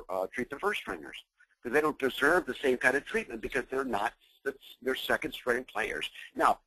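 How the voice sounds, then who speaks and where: Intense gravelly-voiced man coaching. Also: medium pitch, a bit bright, no room sound, poor audio. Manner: intense, emphatic, rhetorical questions. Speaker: business coach. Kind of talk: motivational training call.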